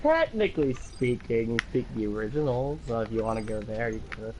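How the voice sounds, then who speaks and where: An American man rambles through a casual livestream chat, laughing and swearing as he goes. His pitch swings widely, and steady background noise runs under his voice. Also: brisk. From United States. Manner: rambling, laughs often, curses freely. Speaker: livestream host. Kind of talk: casual chat while gaming.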